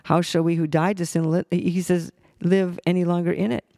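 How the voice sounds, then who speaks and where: Gravelly man teaching scripture. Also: high-pitched, level tone, mellow, no room sound, studio quality. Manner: halting, with many restarts and fillers. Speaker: Bible teacher. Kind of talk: conversational Bible teaching.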